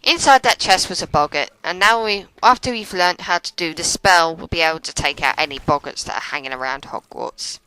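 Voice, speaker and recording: A woman's voice: fairly low pitch, fairly quick, hardly any pauses, bright, forceful tone, a little hiss or hum, poor audio. A young woman giving chatty, sarcastic gameplay commentary and laughing often. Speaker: let's play commentator.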